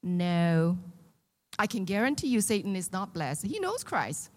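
A woman in her sixties preaching a sermon. She is animated, asks the congregation questions and drops in joking asides. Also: mid-range voice, a little slow. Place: church hall with a congregation. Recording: long reverb of a large hall.

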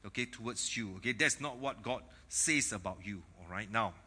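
Bright-voiced lively male preacher. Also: on the low side, moderate pace, husky. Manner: lively preacher, jokes and laughs with congregation. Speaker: pastor. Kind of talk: sermon.

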